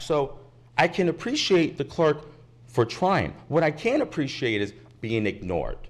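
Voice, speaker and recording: A man's voice: fairly high pitch, huge pitch swings, measured pace. Indignant man at a public podium. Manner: indignant, insistent, repeats his points. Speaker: resident speaking at public comment. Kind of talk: impassioned public comment. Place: county commission meeting chamber.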